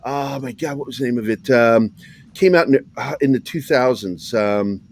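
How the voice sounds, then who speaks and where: A man's voice: mid-range voice, moderate pace, a little mellow. A man from a small Virginia town with a neutral American accent, chatting casually as a podcast co-host, rambling with lots of fillers and swearing. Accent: neutral American, Southern slips when tired. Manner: rambling, profane, many fillers. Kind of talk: casual chat.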